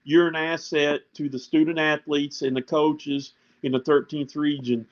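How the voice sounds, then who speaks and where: Higher-voiced man on a dull line. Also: moderate pace. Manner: animated storyteller, heartfelt. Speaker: guest coach. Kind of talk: casual talk show chat.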